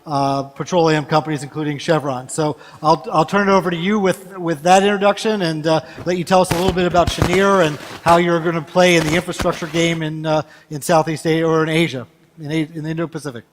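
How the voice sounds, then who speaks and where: A man's voice: a little high, fairly even intonation, fast talker, slight background noise. A man moderating a forum panel and introducing a guest, stumbling with many fillers. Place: large conference hall. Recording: reverberant hall sound.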